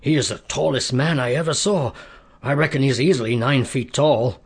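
A man voicing an awed soldier in a storybook reading, in a plain husky voice. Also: medium pitch, normal speed.

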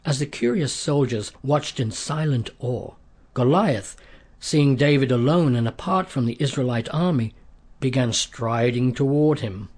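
A man narrating a scripted story in a steady, measured way, with a husky voice. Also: mid-range voice.

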